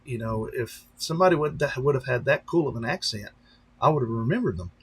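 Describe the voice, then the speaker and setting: Husky-voiced rambling pastor on a live stream. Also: male voice, mid-range voice, expressive, fairly quick. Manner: rambling, chatty, talks straight to viewers. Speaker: pastor and drone-racing streamer. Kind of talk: casual live-stream chat.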